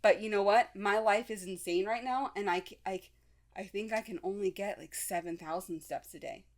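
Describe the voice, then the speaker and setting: A woman's voice: mid-range voice, normal speed. A woman hosting her own podcast, talking frankly and casually, with many fillers and restarts. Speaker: podcast host; mother. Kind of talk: casual solo talk.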